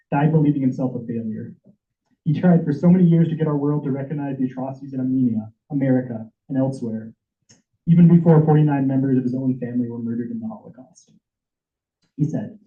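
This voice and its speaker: A man with a mid-range voice speaks quickly in a meeting hall, giving a prepared public comment at a senate meeting. His delivery is emotional, impassioned and urgent, occasionally stumbling, and the audio is echoey and tinny like a phone line.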